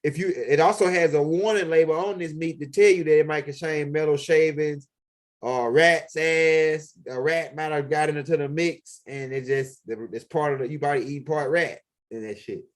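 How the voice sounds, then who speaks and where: With a slightly high voice, a steady tone and a moderate pace, a video blogger roams his house and backyard. He rambles casually, his loose street talk profane and full of fillers.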